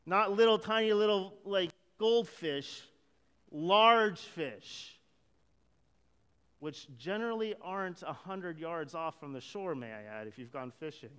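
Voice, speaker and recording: Male pastor, higher voice, smooth, animated sermon delivery in a reverberant church hall. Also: unhurried. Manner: animated preaching, acting out quoted lines, with light chuckles.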